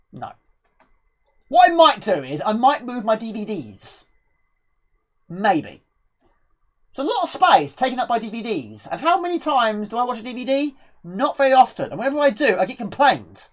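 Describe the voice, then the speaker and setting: A woman streaming retro games live, chatting with viewers and reading game text aloud. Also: mid-range voice.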